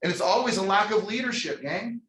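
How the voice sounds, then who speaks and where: Male sales trainer, higher voice, energetic motivational delivery, echoey room sound. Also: a little fast. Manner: energetic, preachy, calls out audience members by name. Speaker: real estate sales trainer. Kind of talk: motivational training talk to an audience.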